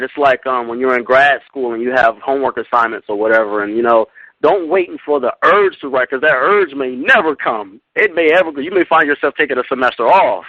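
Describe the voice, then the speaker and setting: A friendly man hosts an online radio interview, nodding along with soft "mm-hmm"s and frequent laughs. His voice sounds dry and close, but dull and lo-fi, as from an online radio stream. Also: mid-range voice, no room sound. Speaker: radio show host. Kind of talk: casual interview talk.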